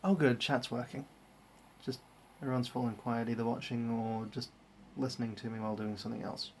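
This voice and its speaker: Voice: medium pitch, steady tone, a little fast, darkish tone, a little hiss or hum. A livestreamer in casual commentary, chatty and wry, talking through each step of building a model kit. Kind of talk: casual live-stream commentary.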